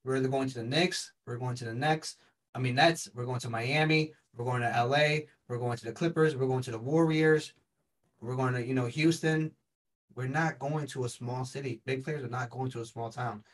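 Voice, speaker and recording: Casting: male sports talk co-host, mid-pitched, insistent, recorded a step back from the mic. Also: steady tone, normal speed, far from the mic, low-quality recording. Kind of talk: casual sports debate.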